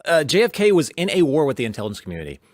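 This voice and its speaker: A man as a talk show guest, animated and indignant about politics. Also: on the high side, very fast, dry recording, studio quality. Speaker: guest, former FBI agent.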